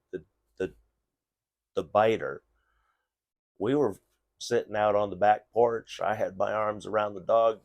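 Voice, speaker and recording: A middle-aged vlogger offers dog safety tips while casually telling a rambling story, full of restarts and fillers. His voice sits on the low side and is a little mellow, in a dry recording.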